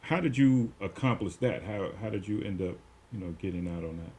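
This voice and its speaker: A man hosting a casual interview, easygoing and quick to affirm his guest. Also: fairly low pitch, lively intonation, a little mellow, breathy edge. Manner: easygoing, frequent short affirmations. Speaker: podcast host.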